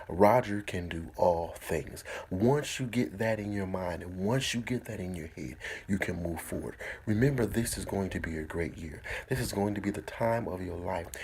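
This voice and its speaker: A man giving an inspirational sermon, repeating a key phrase slowly and with emphasis. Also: lowish voice, a little mellow, husky. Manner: repeats a slow, drawn-out mantra. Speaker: motivational speaker.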